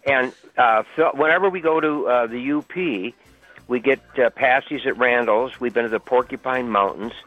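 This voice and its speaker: A man's voice: medium pitch, moderate pace, dry recording, soft background music. An older man calling into a radio talk show, rambling and hesitant with many fillers, heard over a phone line. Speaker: caller. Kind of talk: phone-in call.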